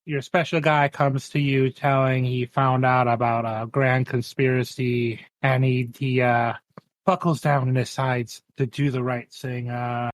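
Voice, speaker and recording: A man's voice: mid-range voice, flat delivery, measured pace, lightly acted. A man voicing a bitter, down-on-his-luck young man, half gooey creature, who rambles in a wry, self-mocking way.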